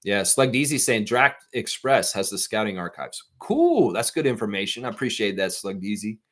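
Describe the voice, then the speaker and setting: A man's voice: on the low side, normal speed. A man with a Southern accent hosting a casual live stream, rambling animatedly while reading and answering viewer comments. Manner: animated, rambling, quotes imagined voices. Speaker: livestream host.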